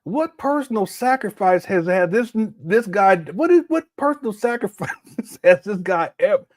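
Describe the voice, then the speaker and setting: A man's voice: high voice, expressive, normal speed, darkish tone. A man hosting a casual reaction commentary, joking and laughing as he fires off incredulous rhetorical questions. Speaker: commentary host.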